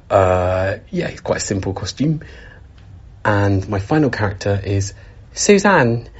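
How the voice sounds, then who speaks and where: A man, a stage actor introducing his characters' costumes, unhurried and full of fillers. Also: lowish voice, very animated, slightly rough. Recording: dull lo-fi sound.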